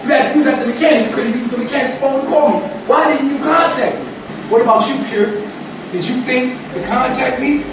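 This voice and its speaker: A man scolding people in an angry livestream rant, shouting and swearing in slang. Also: extremely high pitch, a little fast. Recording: distant echoey livestream audio with noise.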